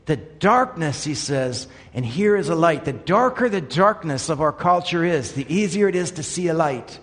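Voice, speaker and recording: A man preaching a sermon in an earnest way, dropping to quiet asides and then rising to emphatic points. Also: fairly high pitch, expressive, moderate pace, in a large hall. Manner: earnest, swings between quiet asides and emphatic raised lines. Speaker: pastor.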